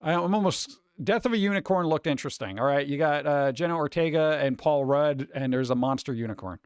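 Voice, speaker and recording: A man's voice: fairly high pitch, a little fast, smooth, no echo. Sarcastic rambling man, dry close sound. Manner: sarcastic, rambling, mocking asides. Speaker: streamer host. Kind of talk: casual chat.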